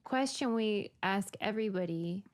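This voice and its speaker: Enthusiastic woman podcast host. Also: medium pitch. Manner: enthusiastic, teasing, quick laughs. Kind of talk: casual chat.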